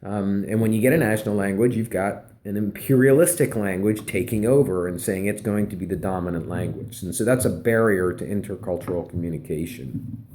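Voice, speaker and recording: A man's voice: on the low side, a little fast, dark tone, slight background noise. A man, a professor, giving a conversational recorded lecture with fillers and emphatic repeats. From Pennsylvania.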